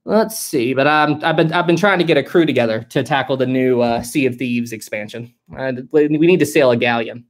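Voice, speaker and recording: A man's voice: mid-range voice, brisk, few pauses. A man from West Virginia with a mild West Virginian accent, hosting a casual live-stream chat and answering viewer questions. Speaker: history channel host.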